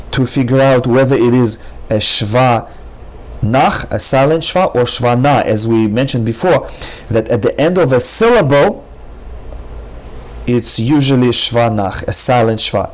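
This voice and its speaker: Slow, patient male Hebrew teacher. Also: mid-range voice, darkish tone. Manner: patient, repeats each word several times, drawn-out sounds. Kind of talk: slow, careful language lesson.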